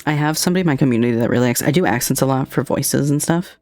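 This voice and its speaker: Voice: medium pitch, darkish tone, no room sound, studio quality. A streamer chatting casually and enthusiastically, swearing often. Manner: enthusiastic, swears, drawn-out delivery. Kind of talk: casual chat.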